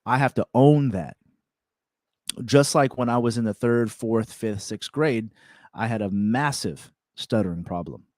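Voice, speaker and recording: A young man hosting a self-improvement show, telling a personal story in a candid, repetitive, animated way. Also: mid-range voice, a little slow, no echo, clean studio sound. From California. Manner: candid, repeats words, animated retelling with laughs. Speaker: self-improvement podcast host.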